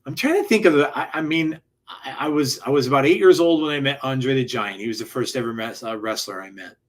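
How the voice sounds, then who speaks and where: A man's voice: medium pitch, a bit bright. A man co-hosting a wrestling podcast, chatting casually and telling rambling stories with restarts and laughs. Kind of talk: casual chat.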